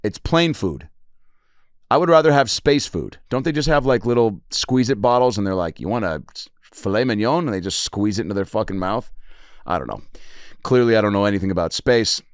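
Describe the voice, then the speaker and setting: A man around forty, a comedian hosting his podcast alone, rambling through profane stories and jumping into quick character voices. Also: on the low side, clean tone, dry recording, clean studio sound. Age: 40s. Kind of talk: solo comedic storytelling.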